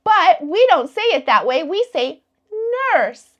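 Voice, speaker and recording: A woman who teaches kindergarten, giving a slow, encouraging phonics lesson to young children and drawing out each letter sound. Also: very high voice, sing-song, highs cut off.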